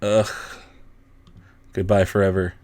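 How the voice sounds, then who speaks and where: A man's voice: low-pitched, little pitch movement, takes it slowly, a little mellow, no room sound. A young man hosting a casual livestream, reading and answering chat, with frequent laughs and a rambling, self-deprecating way of talking. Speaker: livestream host.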